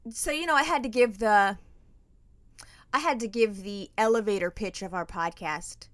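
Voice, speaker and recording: A woman's voice: mid-range voice, takes it slowly, long pauses, no room sound. Chatty woman podcaster, acts out voices in her stories, dry mic. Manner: animated storyteller, acts out quoted voices. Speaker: podcast co-host. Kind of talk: casual storytelling chat.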